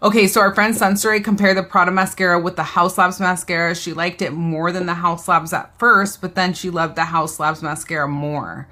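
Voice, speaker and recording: A woman's voice: on the low side, steady tone, a little fast, hardly any pauses, bright, forceful tone. A woman, hosting a casual live beauty haul, chatting and reading viewer comments aloud. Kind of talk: casual live-stream chat.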